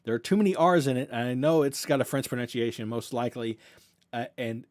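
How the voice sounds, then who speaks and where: A man's voice: medium pitch, brisk, a little mellow. A young man from the US South with a Southern accent, hosting a casual livestream Q&A and talking in an earnest, rambling way. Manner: rambling, self-correcting, earnest and grateful. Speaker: reaction channel host.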